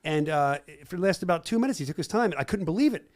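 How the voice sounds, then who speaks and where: Talking over video clips with brash humor, a middle-aged podcast host keeps the chat casual. His voice is high and a little mellow, and he talks fast and animatedly.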